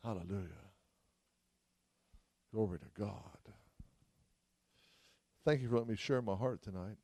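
A man's voice: lowish voice, a little slow, dark tone, no echo. Fervent male preacher, dry sound. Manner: fervent, exclaims hallelujah often. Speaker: traveling preacher. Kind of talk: sermon. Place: church service.

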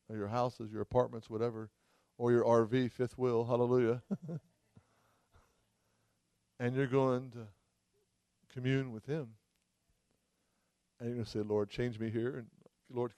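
With a mellow, medium-pitched voice and no room sound around him, a traveling preacher fervently preaches at a church service, exclaiming hallelujah often.

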